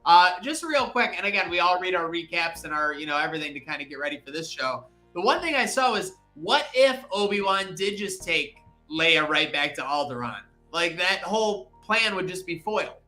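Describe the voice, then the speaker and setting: Bright, chatty male podcast host. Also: high-pitched, moderate pace, few pauses, soft background music. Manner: animated, chatty with many fillers. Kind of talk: casual chat.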